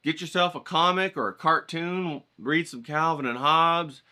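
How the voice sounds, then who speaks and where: A man's voice: on the high side, unhurried, sharp tone. A man giving a folksy, profane motivational rant to his stream audience. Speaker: art streamer.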